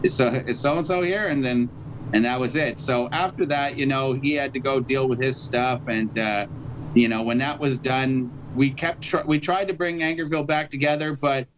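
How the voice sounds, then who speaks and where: A man's voice: medium pitch, steady tone, normal speed, noisy background. A man from Canada, a rapper guest, telling stories in a rambling, filler-heavy casual interview over a video call. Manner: rambling storyteller, many fillers. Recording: dull lo-fi video call audio.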